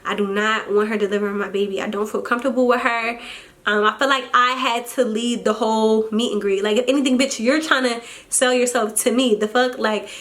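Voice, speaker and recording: A woman's voice: fairly high pitch, fairly even intonation, fairly quick, fairly bright tone. A young woman vlogging casually, a first-time mom venting candidly and swearing, her voice getting teary as she tells the story.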